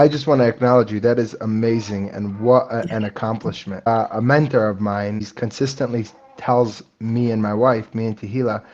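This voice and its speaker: A man's voice: fairly low pitch, a little mellow. Earnest man with a lo-fi sound. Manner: earnest, stumbling restarts. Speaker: podcast host. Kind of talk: casual conversation. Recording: slightly dull lo-fi sound.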